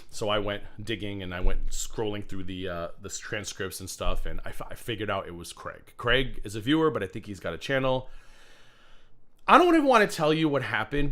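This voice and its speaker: A man's voice: medium pitch, fairly bright tone. A man hosting a live stream, rambling in casual commentary and chatting to viewers. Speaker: livestream host.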